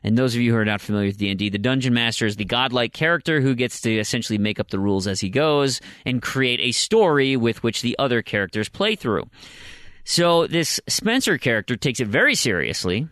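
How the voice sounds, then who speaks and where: A man's voice: medium pitch, lively intonation, brisk, a bit bright, no echo, clean studio sound. A man co-hosting a podcast, telling long rambling stories in casual chat with frequent restarts. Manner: rambling, long-winded storyteller with many restarts. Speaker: podcast co-host.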